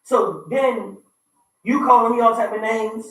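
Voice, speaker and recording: This time the very high voice keeps a fairly even intonation but runs a little slow. He's a thirties-aged radio host giving opinionated relationship talk, repeating his points forcefully and sometimes raising his voice, heard through a faraway mic in a very echoey room.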